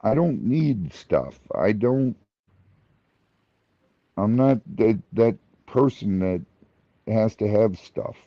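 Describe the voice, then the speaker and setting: A man's voice: on the low side, expressive, slow, long pauses, no room sound. A man on a casual live podcast chat, speaking in a matter-of-fact, stubborn way. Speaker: podcast co-host. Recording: dull dry sound.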